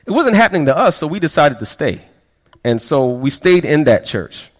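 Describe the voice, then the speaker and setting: A man with a slightly high voice preaches a personal testimony, speaking in a loose, storytelling way. He often catches on a word and repeats it before moving on. His voice rings out with a long reverb, as in a large hall. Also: big pitch swings, moderate pace. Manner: conversational storytelling, frequent stammered repeats, quotes people in quieter voices. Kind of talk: sermon testimony.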